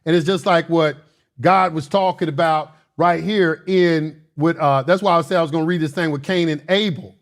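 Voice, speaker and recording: A man's voice: fairly high pitch, steady tone, moderate pace. A man hosting a casual livestream, lecturing his chat in a combative, boastful, slangy way and repeating phrases for emphasis. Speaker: livestream host answering chat.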